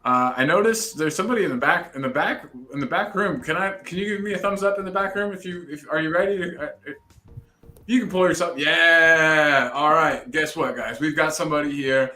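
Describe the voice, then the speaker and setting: Bright, upbeat man hosting a live chat. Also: fairly high pitch, a little fast. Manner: upbeat, chatty. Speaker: host. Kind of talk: casual live-stream chat.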